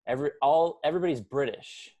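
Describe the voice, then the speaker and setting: A man's voice: a little high, fast talker, dark tone. A young man in his twenties, co-hosting a casual movie podcast, rambling and correcting himself as he talks. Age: 20s. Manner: rambling, self-correcting, chatty. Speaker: podcast co-host.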